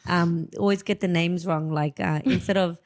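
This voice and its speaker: A woman's voice: lowish voice, fairly even intonation, darkish tone. Giggly woman co-host. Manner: quick, giggly, asks questions. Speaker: guest co-host. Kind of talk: casual chat.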